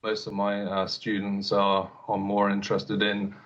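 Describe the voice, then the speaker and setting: A man's voice: fairly low pitch, completely flat delivery, measured pace. A male elocution teacher answering interview questions hesitantly, often repeating words and using fillers. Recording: dull lo-fi broadcast sound.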